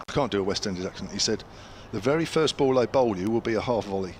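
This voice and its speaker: A man's voice: on the low side, animated, fast talker, few pauses, a little hiss or hum. An older English man commentating on cricket ball by ball, a former county player telling anecdotes between deliveries with a chatty storyteller's manner.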